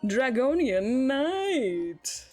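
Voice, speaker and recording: A woman's voice: high-pitched, sing-song, very slow, dark tone, faint music behind. A woman hosting a game stream, chatting casually with giggly, self-deprecating asides. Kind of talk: casual let's play commentary.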